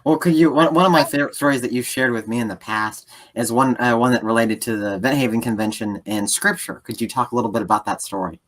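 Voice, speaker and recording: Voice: medium pitch, fast talker, few pauses, a bit bright. An interviewer inviting a guest to share a favorite story. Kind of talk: interview questions.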